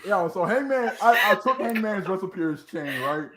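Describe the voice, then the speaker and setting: A man's voice: sits high, expressive, normal speed, sharp tone, slight background noise, poor audio. A man hosting a podcast in a casual chat, teasing and joking with a profane streak. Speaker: podcast host.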